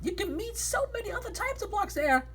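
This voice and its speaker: A woman voicing a soft, high, friendly hostess. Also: big pitch swings, fairly quick, exaggerated voice. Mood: inviting. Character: kind female party host, inviting and friendly.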